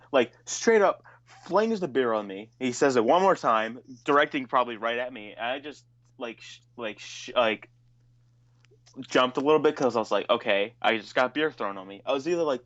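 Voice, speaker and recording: A man's voice: mid-range voice, a bit bright. A man in an ordinary middle register co-hosts a podcast, spinning a long story and ranting with plenty of swearing. His voice comes through a dull, slightly lo-fi recording with the top end rolled off. The delivery is loose, casual chat. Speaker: podcast co-host.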